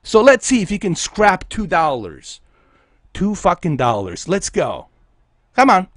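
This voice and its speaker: A man's voice: high-pitched, wildly swooping pitch, a little slow, dry recording, studio quality. A man from Bosnia, a game streamer delivering an aggressive, profane, taunting livestream rant at his viewers.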